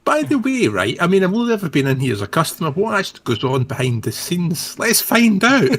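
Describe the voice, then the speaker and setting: A man's voice: sits high, huge pitch swings, normal speed, fairly bright tone, a little hiss or hum. A man chatting casually as a player in a tabletop game.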